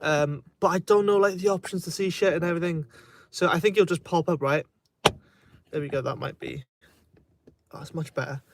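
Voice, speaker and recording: A man's voice: a little high, brisk, long pauses, background noise. A man with a Welsh accent chatting casually on a phone livestream, rambling and hesitant, swearing freely. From Wales. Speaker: self-help vlogger. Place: outdoors in a remote spot. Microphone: phone held in hand.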